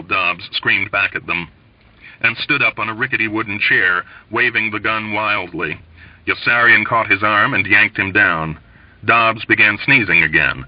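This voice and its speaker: Guy reading a book out loud, lowish voice, dry dull sound. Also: fairly even intonation, moderate pace, no echo, distant mic. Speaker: audiobook reader. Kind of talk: reading a novel aloud. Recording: dull lo-fi recording.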